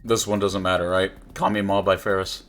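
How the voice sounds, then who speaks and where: A man's voice: low voice, little pitch movement, brisk, a bit bright, soft background music. A young man at his home streaming setup, talking into a desk mic and reading game messages aloud during live commentary. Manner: reads game text aloud, chuckling often. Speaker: streamer playing a visual novel. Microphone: desk microphone.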